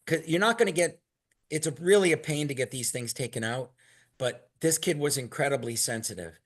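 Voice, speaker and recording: A man with a voice pitched a little above the usual tells a story casually. He rambles and stays animated, acting out the other people in his story. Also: fairly quick. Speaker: product maker telling stories as a guest.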